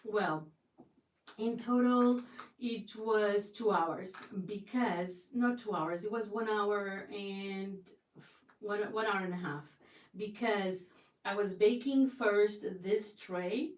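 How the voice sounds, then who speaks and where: A woman's voice: medium pitch, takes it slowly. A woman hosting a casual livestream from her home kitchen, chatty and effusive, often restarting her sentences. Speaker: livestream host. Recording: roomy sound from a distance.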